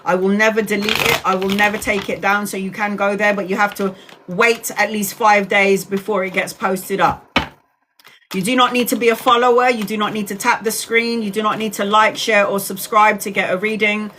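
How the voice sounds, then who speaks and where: A woman's voice: mid-range voice, fairly even intonation, a little fast, sharp tone, a little hiss or hum. A woman in her forties giving live tarot readings, soothing and direct, calling listeners sweetheart and honey. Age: 40s. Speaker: tarot reader.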